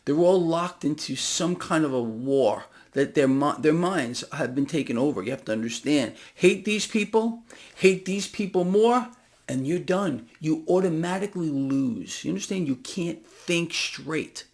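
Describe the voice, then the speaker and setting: A man delivering a heated, sarcastic solo rant about markets and the economy, often climbing to loud emphatic bursts. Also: fairly high pitch, lively intonation, a little slow, gravelly. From United States. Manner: emphatic, ranting, sarcastic, rising to near-shouting. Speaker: finance commentator. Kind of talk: impassioned solo market commentary.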